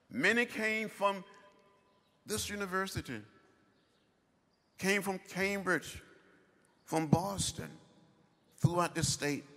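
A man in his seventies giving a commencement address in slow, emphatic, measured phrases. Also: on the high side, bright, forceful tone. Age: 70s. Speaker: commencement speaker. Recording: long hall reverb.

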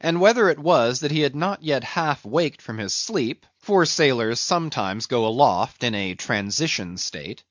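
A man reading a classic novel aloud with measured, expressive storytelling. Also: medium pitch, no room sound, highs cut off. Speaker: audiobook narrator.

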